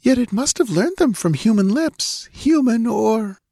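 A man voicing a frightened young woman refugee, speaking in a hushed, uneasy way. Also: on the high side, expressive, measured pace, husky, no echo, clean studio sound, voice pushed up, exaggerated voice.

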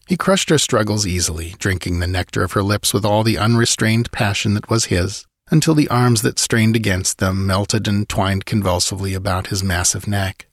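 Casting: male audiobook narrator, measured and dramatic, low pitch, dry close mic. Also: no echo.

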